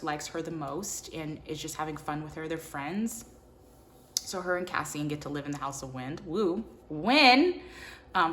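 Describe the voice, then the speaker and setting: A woman with a slightly low-pitched voice chatting through a book review. She talks loosely and animatedly, with lots of filler words and little bursts of character voices. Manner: animated, filler-heavy, acts out characters' lines. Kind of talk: casual book review chat.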